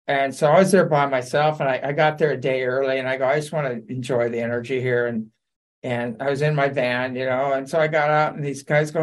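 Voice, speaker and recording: A man telling lively anecdotes on a talk radio show, laughing and acting out quotes. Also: medium pitch, fairly quick. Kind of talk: casual storytelling on talk radio.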